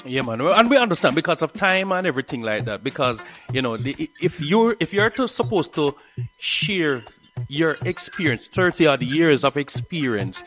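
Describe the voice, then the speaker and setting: A man's voice: on the high side, very animated, moderate pace, a bit bright, faint music behind. A man hosting an interview, encouraging his guest with short agreeing replies. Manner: encouraging, many short backchannels. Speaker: interviewer, show host. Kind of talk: casual interview.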